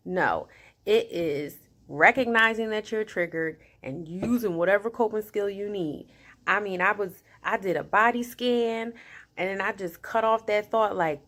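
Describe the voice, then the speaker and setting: A woman vlogging casually about her day, chatty and animated, often laughing and quoting herself. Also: mid-range voice, a little slow. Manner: chatty, animated, talks to herself in quoted asides; laughs often while talking. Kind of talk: casual personal video diary.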